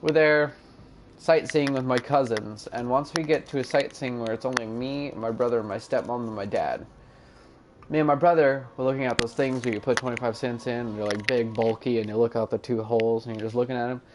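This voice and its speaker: A man's voice: mid-range voice, fairly even intonation, brisk, noisy background. A young man hosting a gaming channel, telling a loose, rambling story with fillers and mumbled asides. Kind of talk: casual storytelling over gameplay.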